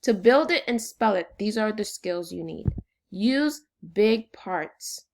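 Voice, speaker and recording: A woman teaches a recorded phonics lesson to second graders. Her voice sits at an everyday pitch, clear and patient, and she speaks plainly and encouragingly. She dictates spelling words slowly, one at a time. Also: lively intonation, darkish tone.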